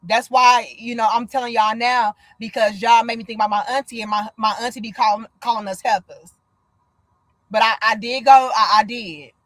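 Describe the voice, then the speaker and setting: A woman's voice: on the high side, moderate pace, dry recording. A woman in her thirties, from the United States, hosting a casual livestream chat, blunt and profane, telling stories with lots of energy. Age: 30s. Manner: blunt, profane, animated storytelling. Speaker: livestream host.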